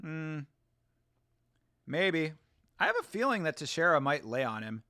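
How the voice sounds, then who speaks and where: Casual male host, slightly high voice, sarcastic and salty, dry close mic, live watch-along. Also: a little slow, dry recording. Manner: animated, profane, sarcastic, laughs often. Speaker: show host.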